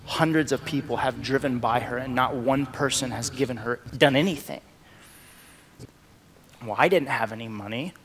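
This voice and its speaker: A man sharing a personal testimony as a storytelling sermon, acting out the dialogue in a lively way. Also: medium pitch, long reverb tail.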